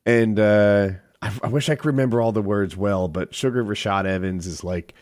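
Animated guy telling stories, dry sound. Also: fairly low pitch, normal speed, few pauses, no room sound. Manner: animated storytelling, acts out quotes in a raised voice; swears freely. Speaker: podcast co-host. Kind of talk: casual chat.

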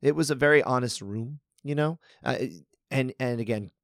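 A man's voice: mid-range voice, moderate pace, a bit bright, no echo, clean studio sound. A man co-hosting a podcast in casual chat, talking things through and acting out little scenarios. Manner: chatty, restarts sentences, acts out scenarios. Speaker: podcast co-host.

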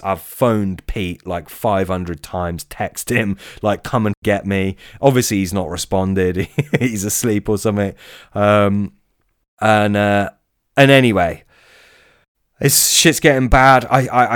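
A guest storyteller with a lowish, clear, resonant voice tells a spooky fishing tale as a casual ghost story. He swears a lot and halts through many restarts, captured in a dry, clean studio recording.

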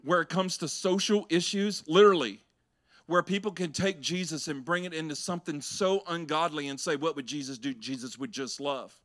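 A man's voice: fairly high pitch, normal speed, a bit bright. A man, a pastor preaching a sermon to his church, shifting between conversational asides and raised, emphatic delivery.

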